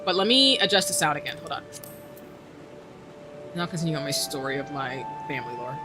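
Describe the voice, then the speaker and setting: A woman's voice: low-pitched, expressive, brisk, over music. A woman streamer chatting casually while gaming, telling a rambling story and laughing often, on a desk microphone.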